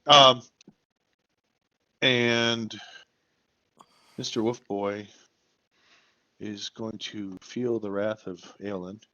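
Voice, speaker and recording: Man, tabletop player, slow, lowish voice, playful, lo-fi voice chat. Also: fairly even intonation, pushed and bright. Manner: slow, playful, talks through his moves. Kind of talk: playing a tabletop game online. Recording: dull, lo-fi voice chat.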